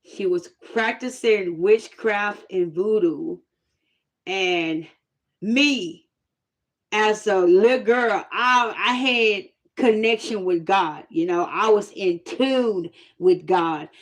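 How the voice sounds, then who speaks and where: A woman casually telling a personal testimony story, animated and plain-spoken, laughing often. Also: mid-range voice, slow pace. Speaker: host sharing a testimony.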